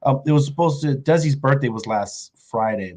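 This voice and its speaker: A man's voice: medium pitch, moderate pace, darkish tone. Rambling, laughing man from the Bronx. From the Bronx, New York. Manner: rambling, self-correcting, laughs often. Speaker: podcast guest. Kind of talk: casual chat.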